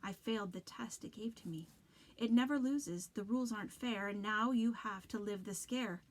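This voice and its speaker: A woman's voice: medium pitch, normal speed, natural voice. A woman reading a storybook aloud, voicing a haunted boy who whispers eerie rhymes and warnings.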